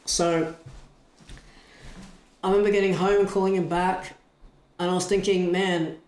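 A man retelling a story in a casual chat, animated and full of restarts. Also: high voice, measured pace. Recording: echoey room.

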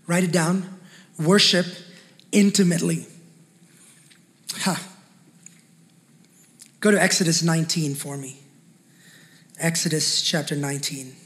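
High-voiced male preacher in a big hall. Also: fairly even intonation, a little slow, pauses often, fairly bright tone. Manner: fervent, call-and-response preaching. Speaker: pastor. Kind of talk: sermon. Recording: long hall reverb.

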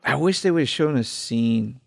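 Casting: male podcast co-host, mid pitch, dry close sound, swears a lot. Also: moderate pace, gravelly, dry recording. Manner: profane, excitable, breaks into laughter. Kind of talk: casual movie chat.

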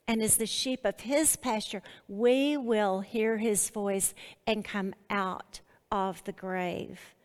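A woman teaching a Bible study, earnest and deliberate, pausing between her phrases. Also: mid-range voice, big-room sound.

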